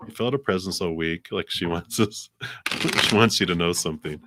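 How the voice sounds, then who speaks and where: A man's voice: low voice, moderate pace, noisy background. A man hosting a live tarot card reading, chatting in an easygoing way, laughing often and relaying what spirits say in his own voice. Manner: rambling with fillers, paraphrases spirits in his own voice. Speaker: tarot card reader, host of a live stream.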